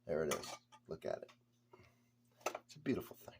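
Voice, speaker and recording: A man's voice: a bass voice, huge pitch swings, fairly quick, gravelly, background noise. A man reviewing a beer for his vlog, chatty and blunt, talking straight to the viewer.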